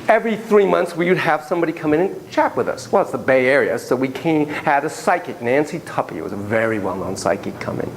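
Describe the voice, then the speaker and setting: A middle-aged man teaching a psychotherapy class, wandering into stories and asides. His pitch moves a great deal and sits a little high for a man. A faint hiss hangs under his voice. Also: poor audio. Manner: animated, digressive, talks in asides. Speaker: psychotherapy lecturer. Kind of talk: lecture with storytelling.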